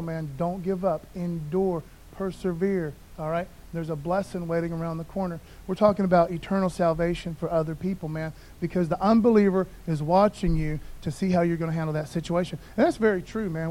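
A man's voice: high voice, darkish tone. A male pastor preaching a casual, conversational sermon, often saying "man" and calling for amens.

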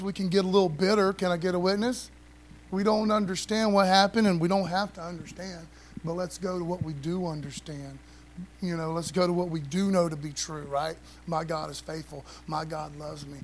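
A man preaching a casual sermon in a church service, using slang and calling out to the congregation. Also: sits high. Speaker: pastor.

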